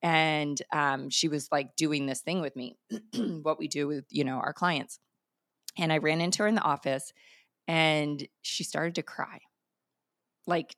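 Low-voiced woman telling her story. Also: no echo, studio quality. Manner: energetic, emphatic, many fillers. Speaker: podcast host and coach. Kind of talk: personal storytelling monologue.

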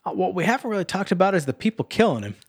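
A man co-hosting a podcast, explaining a film's plot in a halting, filler-laden casual way. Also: high-pitched, sing-song, slightly rough, no room sound, studio quality. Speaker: podcast co-host. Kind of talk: casual movie review chat.

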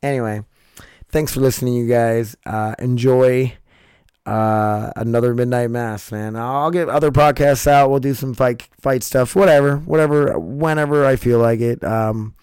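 A man's voice: mid-range voice, creaky, darkish tone, clean tone, dry recording, studio quality. A man hosting his own podcast, talking casually and rambling with a scratchy, strained throat, swearing and cutting himself off. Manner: rambling, profane, self-interrupting. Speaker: podcast host. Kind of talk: casual late-night monologue.

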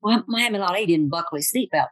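An older woman from Tennessee with a Southern accent gives a folksy, humorous motivational talk packed with stories, animated as she tells them. Her fairly low voice moves fast, and the low-quality recording has no echo.

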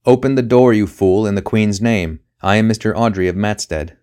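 A man's voice: on the low side, fast, lightly acted. A man reading a story, voicing an impatient, blustering male magistrate who bellows commands. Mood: angry.

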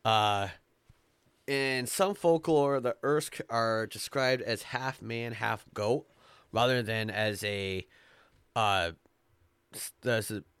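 A man hosting a casual podcast, reading folk tales aloud slowly with frequent fillers and stumbles and the odd curse. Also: mid-range voice, a bit bright, smooth, no room sound. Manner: slow, stumbling read-aloud with filler and cursing. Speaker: podcast host. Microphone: close podcast mic.

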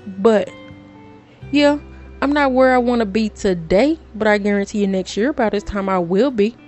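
A woman's voice: mid-range voice, moderate pace, a little mellow, faint music behind. A woman podcast host, talking straight to her listeners in an emotional, preachy way. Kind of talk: casual monologue.

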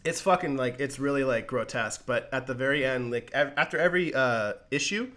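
A man on a casual podcast who rambles excitedly through a comic book's plot, cursing freely and scattering "like" through every sentence. His voice sits at an ordinary middle pitch for a man. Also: a little fast, a little hiss or hum. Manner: rambling, profane, heavy use of "like". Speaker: podcast co-host.

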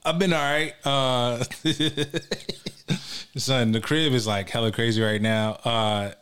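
A man's voice: medium pitch, fairly even intonation, slow pace, fairly bright tone, clear, resonant tone. A man hosting a casual podcast, rambling with fillers and laughter. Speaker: podcast host. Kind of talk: casual chat.

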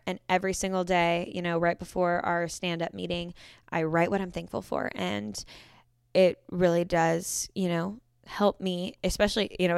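A woman's voice: lowish voice, vocal fry, clear, resonant tone, dry recording, studio quality. A young woman in her twenties hosting a solo podcast, chatty and rambling, often correcting herself mid-sentence. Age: 20s. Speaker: podcast host. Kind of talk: casual solo podcast talk.

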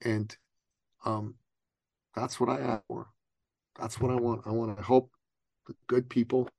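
A middle-aged man from Iran, a business coach, telling a story in an interview and acting out the people in it with big jumps in pitch. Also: flat delivery, unhurried, gravelly, a little mellow, no room sound.

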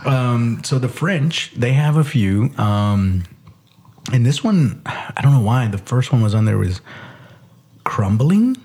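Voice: medium pitch, big pitch swings, slow pace, darkish tone, breathy edge. A podcast co-host in casual chat, hesitant and full of restarts, laughing often.

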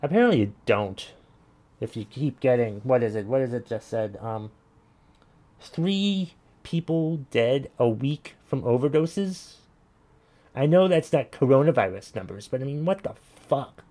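A man's voice: mid-range voice, animated, unhurried, warm tone. A man hosting a casual commentary show, ranting bluntly and swearing while he reacts to listener messages. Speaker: podcast host reading listener messages.

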